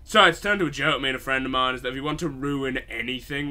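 Sweary gamer, bright voice. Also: male voice, medium pitch, fast talker. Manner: rambling, sweary, sarcastic. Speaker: game streamer. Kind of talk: let's play commentary.

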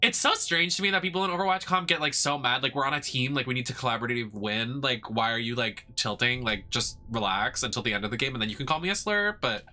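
Bright-voiced chatty young male streamer. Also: mid-range voice, fast talker, hardly any pauses. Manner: chatty, playful, sassy storytelling with frequent swearing. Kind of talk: casual chat while playing a game.

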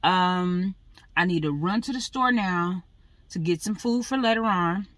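A woman's voice: on the low side, measured pace, a bit bright, no echo. A young pregnant woman chatting casually to her vlog viewers, saying "y'all" and running through her busy day. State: out of breath. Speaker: vlogger.

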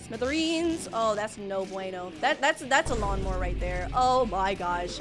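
A young woman streaming live gameplay, excitable and panicky, piling up "oh my gosh" and repeating herself as she reacts. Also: on the high side, loud music behind the voice. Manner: excitable, panicky, talks fast with many "oh my gosh".

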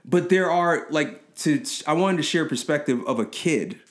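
Male podcast guest, animated storyteller, laughs often, does quick voices for others. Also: fairly high pitch. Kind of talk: personal storytelling.

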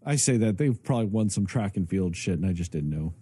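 A man's voice: low-pitched, quick pace, slightly rough, no echo. A man co-hosting a podcast in casual chat, ranting and swearing a lot as he talks. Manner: profane, ranting, animated. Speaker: podcast co-host.

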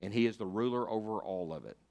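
An older man, preaching a sermon as pastor, emphatic and fiery, rising to loud declarations and dropping to hushed asides. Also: lowish voice, quick pace, vocal fry. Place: church sanctuary.

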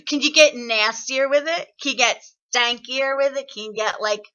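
Woman, singing teacher, online voice lesson, chatty and encouraging, fairly high voice, dull video call sound. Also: normal speed. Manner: chatty, encouraging, explains with lively examples. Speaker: singing workshop instructor.

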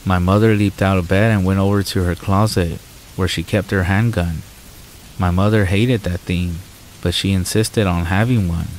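A man narrating horror stories in a calm, measured way with dramatic pauses. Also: deep voice, a little hiss or hum, rough recording.

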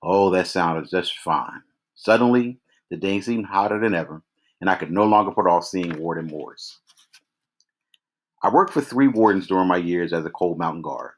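Deep-voiced man reading a novel aloud. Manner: measured, with occasional restarts. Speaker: reader. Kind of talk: read-aloud novel narration.

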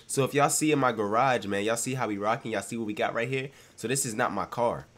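This young streamer talks fast at a medium pitch, his voice stuffed up by a cold as he delivers hyped, slang-filled commentary on his game, with frequent loud outbursts.

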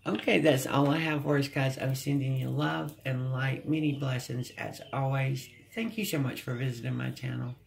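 A tarot reader giving a gentle, channeled reading to viewers, often humming and sighing and sounding close to tears. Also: medium pitch, fairly even intonation, normal speed, gravelly, hardly any pauses. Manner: speaks with emotion, close to tears at times.

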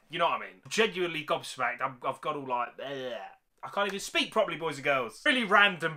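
A British man hosting an excited, slangy reaction commentary, calling his viewers mate again and again. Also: a little high. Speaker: YouTube reaction host.

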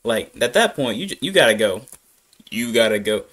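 A man's voice: fairly low pitch, sing-song, moderate pace, a bit bright. A young man hosting a reaction video, chatting casually and joking back at the screen.

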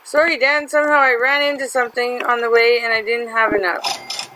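Woman, let's-play commentary, chatty, teasing, higher voice, noisy recording with clicks. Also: little pitch movement, a little fast, bright, forceful tone. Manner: chatty and teasing, laughs often. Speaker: gaming channel host.

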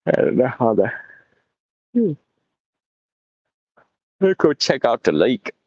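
A man's voice: medium pitch, big pitch swings, slow pace, a little mellow, husky, no echo, highs cut off. A man hosting a casual walking livestream outdoors, rambling and profane with frequent chuckles, recorded on a handheld phone. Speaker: mycology channel host. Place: outdoors in botanical gardens.

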